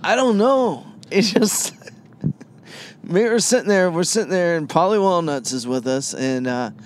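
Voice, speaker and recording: A man's voice: high-pitched, expressive, a little slow, slight background noise. A man from Michigan, a comedian, telling a rambling story on a podcast with many fillers. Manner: rambling, lots of fillers and laughs.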